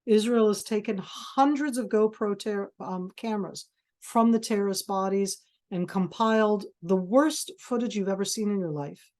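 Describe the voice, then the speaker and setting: A woman's voice: medium pitch, a little mellow. Intense woman speaking in a webinar. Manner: intense, emphatic, with halting restarts. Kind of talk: passionate lecture. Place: video call.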